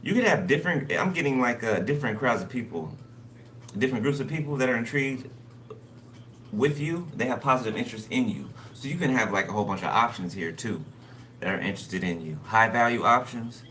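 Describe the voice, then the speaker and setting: A man's voice: medium pitch, animated, fairly quick, sharp tone. A man giving a casual spoken tarot reading, loose and conversational, who keeps checking in with his listeners. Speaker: tarot card reader. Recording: noisy recording.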